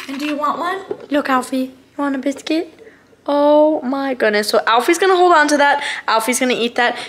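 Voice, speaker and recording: A woman's voice: high voice, a bit bright, slight background noise. A young adult woman giving a casual, upbeat how-to vlog at home, chatting to viewers and baby-talking to her pet. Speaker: pet vlogger. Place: home kitchen and living room.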